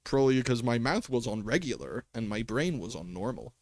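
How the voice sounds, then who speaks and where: A man's voice: mid-range voice, very animated, a little fast, no room sound. A man livestreaming a game in casual commentary, chatty and talking to himself and his pets, swearing and laughing often at a desk microphone.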